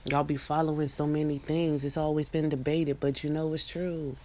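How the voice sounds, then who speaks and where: A woman's voice: low-pitched, flat delivery, normal speed, a little mellow, slight background noise. A young woman in a rambling, profane monologue, preaching at her viewers with many restarts and asides. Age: young adult.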